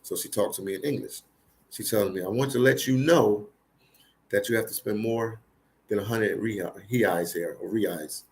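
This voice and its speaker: Low-voiced rambling man. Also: fairly even intonation, normal speed. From Philadelphia, United States. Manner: rambling, repeats phrases, emphatic. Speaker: livestream host. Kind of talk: casual live storytelling.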